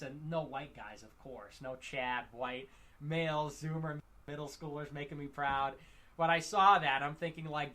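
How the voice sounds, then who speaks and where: Bright-voiced rambling man. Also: fairly high pitch. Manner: halting, full of fillers and restarts. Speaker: livestream commentator. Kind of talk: rambling monologue.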